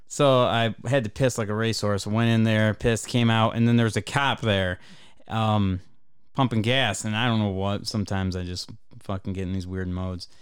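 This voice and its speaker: A man's voice: on the low side, steady tone, moderate pace, clean tone. A man from Michigan, a podcast co-host, telling rambling, profane anecdotes in casual chat. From Michigan, USA.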